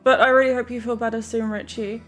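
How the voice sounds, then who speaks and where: A woman's voice: fairly high pitch, little pitch movement, fast talker, faint music behind. A woman streamer chatting live to viewers in a giggly, emotional way, often laughing through tears. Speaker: game streamer.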